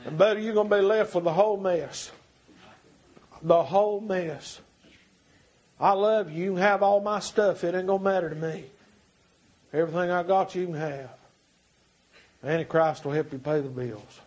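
A male preacher delivering a revival sermon, swinging from shouts to hushed pleading. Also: sits high, normal speed, pauses often, lo-fi sound. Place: church.

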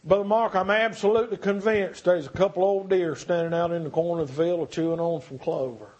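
A male preacher delivering a revival sermon, swinging from shouts to hushed pleading. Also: high-pitched, fairly even intonation, a little fast, highs cut off. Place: church.

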